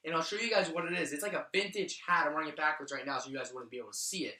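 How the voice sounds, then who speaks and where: An excitable young man rambles through a fan vlog, his voice pitched fairly high. It sounds forceful and bright. The room is echoey, and he sits a bit back from the camera mic. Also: rapid-fire, far from the mic. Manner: excitable, rambling, jumps up in pitch when thrilled. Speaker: vlogger. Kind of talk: casual excited recap.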